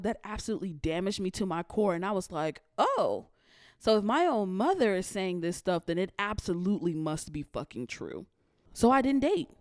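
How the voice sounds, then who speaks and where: A woman's voice: medium pitch, no room sound. Young woman, podcast host, candid monologue, blunt, profane, emotional, dry mic. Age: young adult.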